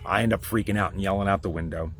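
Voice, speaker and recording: A man telling a personal story in a heated, rambling, profane rant, with sudden loud outbursts. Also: deep voice, fairly even intonation, racing, soft background music.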